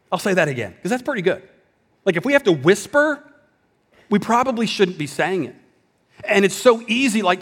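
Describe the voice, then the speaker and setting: A man preaching a sermon in a conversational style, dropping at times to a hushed voice for emphasis. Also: high-pitched, breathy edge, long reverb tail. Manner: conversational preaching with dramatic drops to a whisper. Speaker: pastor.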